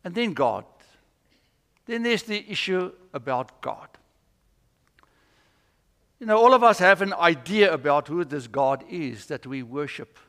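Preaching in a church sanctuary with long reverb, a pastor speaks a little slowly and pauses often, his voice on the high side, animated, and a bit bright. He teaches earnestly, telling stories along the way.

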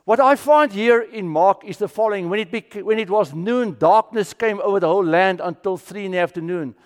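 South African pastor preaching in a reverberant hall. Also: male voice, sits high, a little fast. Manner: dramatic swings from loud to near-whisper. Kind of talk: sermon.

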